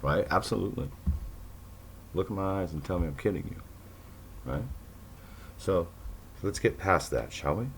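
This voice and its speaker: Man, solo podcast host, deep bass voice with a faint hiss behind it, sarcastic and rambling. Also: animated, moderate pace, creaky, pauses often. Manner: sarcastic, rambling, with mocking asides. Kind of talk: casual monologue to listeners.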